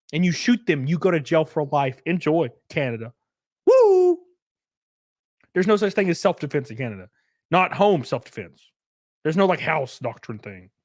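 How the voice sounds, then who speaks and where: A man's voice: high-pitched, no room sound, studio quality. A man in his thirties, a live streamer, ranting casually and profanely to his chat with sarcasm. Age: 30s.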